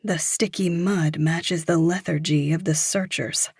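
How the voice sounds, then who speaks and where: A woman narrating a thriller audiobook in a measured, even storytelling manner. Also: deep voice, breathy edge, no room sound, clean studio sound.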